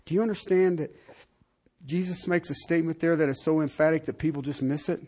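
A man preaching a sermon, asking the congregation direct questions and swinging from loud emphatic lines to quiet ones. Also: a little high, brisk. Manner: talks straight to the congregation with rhetorical questions. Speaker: pastor.

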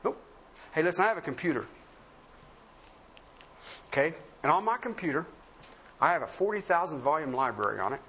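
A man preaching a sermon, asking rhetorical questions and swinging between emphatic highs and low murmurs, laughing often. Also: lively intonation, fairly quick, long pauses, fairly bright tone, slight background noise.

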